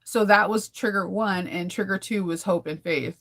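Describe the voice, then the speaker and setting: A woman's voice: mid-range voice, normal speed, fairly bright tone. Chatty woman vlogger, laughing often. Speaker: sewing vlogger. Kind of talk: casual daily vlog chat.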